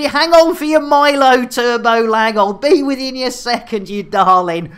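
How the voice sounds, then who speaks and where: A woman hosting a live game stream, bawdy and giggly, getting flustered and stammering as she reads out shout-outs. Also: on the high side, lively intonation, moderate pace, hardly any pauses.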